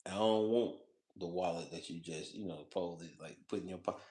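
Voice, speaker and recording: A man's voice: deep voice, normal speed, mellow, reverberant. A man vlogging in a loose, profane, rambling monologue, repeating himself, laughing often and talking straight to the viewer. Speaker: food vlogger.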